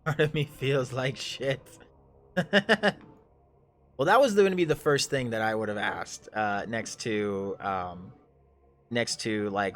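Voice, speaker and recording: A man's voice: fairly low pitch, fairly even intonation, unhurried, a bit bright, slight background noise. A man narrating a tabletop game as game master, talking casually with many fillers and swearing.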